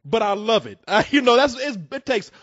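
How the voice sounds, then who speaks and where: A man with a high, very lively voice hosts a call-in show, retelling stories with excited bursts. His voice is husky and sits close to a dry, dull-sounding mic. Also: brisk, no room sound. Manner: excitable storyteller, acts out scenes with loud bursts. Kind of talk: casual call-in chat.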